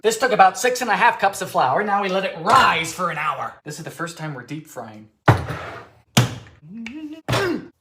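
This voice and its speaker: A man hosting a baking video, narrating in a theatrical, sardonic way with sudden high-pitched exclamations, in a home kitchen. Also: big pitch swings, a little slow, pushed and bright. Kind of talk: comedic cooking narration. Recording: echoey room sound.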